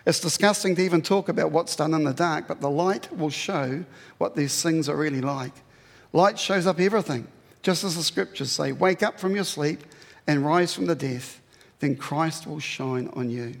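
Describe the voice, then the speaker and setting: A man preaching a sermon as pastor, earnest and pleading, climbing sharply in pitch when he presses a point. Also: moderate pace, vocal fry. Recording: long hall reverb.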